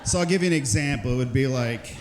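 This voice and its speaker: A man doing a stand-up set in a comedy club, telling a story quickly and with animation. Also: medium pitch. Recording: echoey club room, faint crowd murmur.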